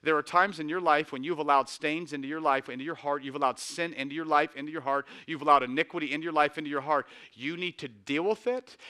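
Bright, animated male pastor preaching. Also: fairly high pitch, no room sound, studio quality. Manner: animated storytelling with shifts between quiet intensity and loud energy. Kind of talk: sermon.

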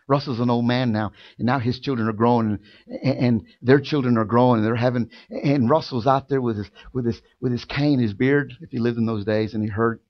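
A man preaching a sermon in a church, building from quiet, drawn-out lines to loud, fervent shouting. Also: mid-range voice, muffled recording. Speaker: pastor. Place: church sanctuary.

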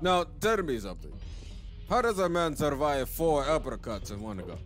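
A man giving let's play commentary, excitable and talking to himself as he plays. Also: medium pitch, normal speed, faint music behind. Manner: excitable, talks to himself while playing. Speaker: gaming channel host.

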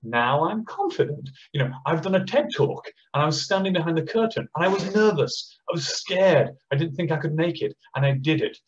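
A man with an Australian accent and a voice on the high side speaks passionately at an online education conference. He often slips into quick impressions of teachers and children. The audio sounds dull.

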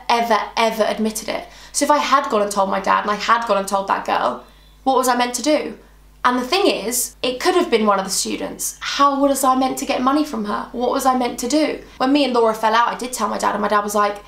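Woman, 20s, storytime vlogger, emotional, acts out dialogue, higher voice, echoey room. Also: fast, creaky, fairly bright tone. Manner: emotional, re-enacts conversations. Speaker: YouTuber. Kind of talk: storytime vlog.

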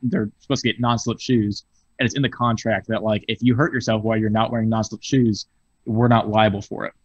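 A man telling a story over a video call, swearing freely and throwing himself into the telling. His voice sits a little low, and the sound is dull and lo-fi with no room around it. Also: brisk, dry recording. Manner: profane, animated anecdote telling. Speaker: podcast guest. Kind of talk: casual storytelling chat.

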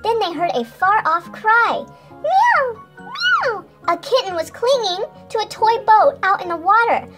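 A woman hosting a toy channel, reading a children's storybook aloud in a bright, sing-song manner. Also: very high-pitched, lively intonation, moderate pace, hardly any pauses, over loud music.

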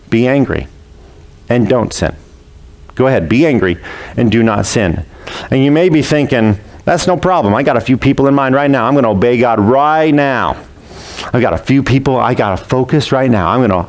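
Pastor, male, mid-pitched voice; earnest, emphatic sermon delivery with repetition. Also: darkish tone. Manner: earnest, emphatic preaching with repeated lines.

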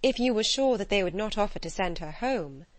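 A woman voicing a sensible, quick-witted young woman with a calm, reasoning tone in an audiobook. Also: mid-range voice, dry recording, lightly acted.

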